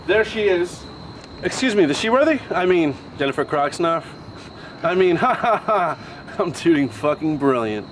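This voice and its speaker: A man's voice: a little high, big pitch swings, moderate pace, loud music behind the voice, pitched above the performer's own voice. A man voicing a goofy young male police partner who is pleased with his own bad puns.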